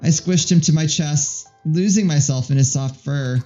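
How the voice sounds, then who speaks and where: A man's voice: on the high side, normal speed, dark tone. A man playing a visual novel with a partner, reading the narration aloud in a playful, laughing way. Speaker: let's play host. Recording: slightly dull recording with faint music.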